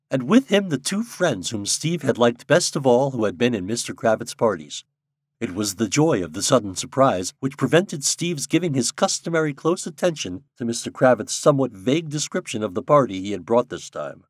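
Calm man narrating an audiobook. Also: mid-range voice, moderate pace, dry recording, studio quality. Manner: calm, storytelling.

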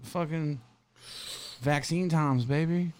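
A man's voice: fairly high pitch, slow pace, a little mellow. A man co-hosting a podcast in casual chat, teasing and joking in a laid-back way, with swearing. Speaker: podcast co-host. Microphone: studio podcast mic.

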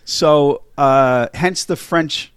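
A man's voice: on the high side, drawn-out words, smooth, dry recording. A middle-aged man hosting a casual movie podcast, chatty and enthusiastic, with many fillers and restarts. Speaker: podcast host.

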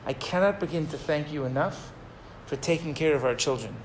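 A man voicing a calm, gracious Hasidic rebbe in a story, speaking gently and gratefully. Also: on the high side, fairly quick, a little hiss or hum, natural voice, poor audio.

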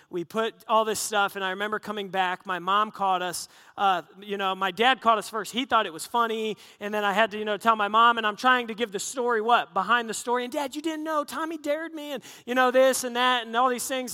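A man's voice: high-pitched, fairly even intonation, moderate pace, few pauses, pushed and bright, clear, resonant tone, big-room sound. A middle-aged man preaching a sermon, telling stories with playful, self-deprecating humor. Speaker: pastor.

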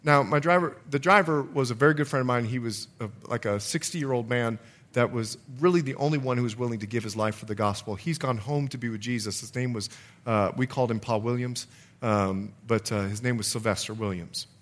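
A male pastor giving an evening church sermon, telling a personal story with animated delivery and bursts of loud exclamations. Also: mid-range voice, fairly quick.

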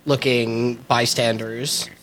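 A podcast co-host recapping a TV episode in a relaxed, wry, casual chat. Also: mid-range voice, slow pace.

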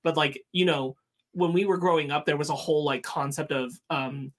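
A man's voice: on the high side, fairly even intonation, normal speed, fairly bright tone. A man co-hosting a podcast, talking earnestly and bluntly, thinking aloud with fillers and the odd curse word. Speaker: podcast co-host. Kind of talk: casual podcast chat.

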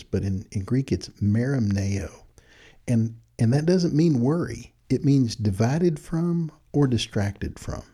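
Speaking into a studio mic at his desk with headphones on, this podcast host from Texas offers casual reflections in a folksy style and laughs at his own remarks. He has a warm, mid-range voice with a breathy edge.

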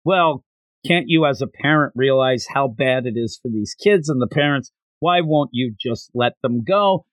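A man co-hosting a casual podcast chat, animated, acting out quotes with big jumps in pitch. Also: normal speed, no echo. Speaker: podcast co-host. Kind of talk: casual chat recapping an anime episode.

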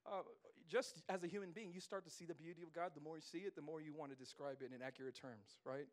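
A pastor in his thirties delivers a lively sermon, full of jokes and his own laughter. His voice sits high for a man, and he swings from quiet asides to loud punchlines. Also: fast. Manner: playful, animated preaching with laughter.

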